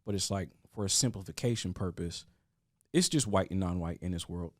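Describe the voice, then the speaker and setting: A man with a fairly low voice makes his case in a casual podcast discussion. He stammers and restarts his sentences often. The sound is close and dry. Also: brisk, no room sound. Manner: earnest, with frequent restarts and stammers.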